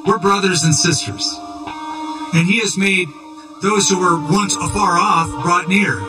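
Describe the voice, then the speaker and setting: A man's voice: high-pitched, steady tone, unhurried, distant mic, over music, low-quality recording. A man pastor preaching a sermon in a conversational way, with asides and emphatic repetition.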